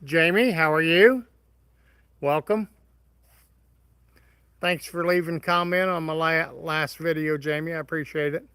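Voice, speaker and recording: Folksy man, bright and dry. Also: a little high, measured pace, pauses often, smooth, no echo, low-quality recording. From Midwest of the United States. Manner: folksy, friendly, greets viewers by name. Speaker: live stream host. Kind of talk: casual live stream chat reading comments.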